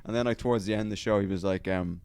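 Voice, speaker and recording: Guy rambling thru a story, swears a lot, kinda low voice, casual podcast chat. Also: steady tone, rapid-fire, creaky, darkish tone, clean tone. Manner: rambling, sweary, lots of fillers. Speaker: comedian podcast co-host.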